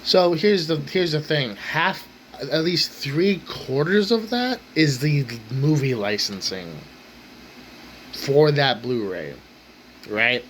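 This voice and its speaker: A man's voice: on the high side, animated, takes it slowly, a little hiss or hum, poor audio. A man ranting angrily at his table at home, exasperated, swearing and repeating himself. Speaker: ranting vlogger. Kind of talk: angry rant to camera. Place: home kitchen table, indoors.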